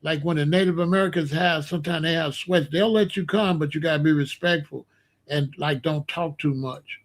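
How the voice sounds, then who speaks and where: A man's voice: fairly high pitch, moderate pace. Slangy man telling a casual story. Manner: animated, slangy, explains with gestures. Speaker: podcast host.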